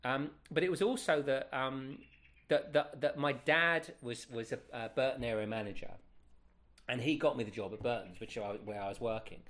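A man's voice: mid-range voice, normal speed. Chatty man telling stories. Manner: animated, rambling, many self-corrections. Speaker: guest. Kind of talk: casual interview storytelling.

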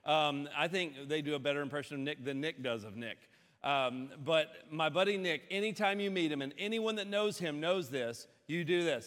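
Guy pastor preaching, kinda high voice, long echoey church reverb, does low tired impressions then perks right back up. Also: moderate pace. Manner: storytelling, shifts between low mock-weary impressions and bright emphatic delivery. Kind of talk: sermon.

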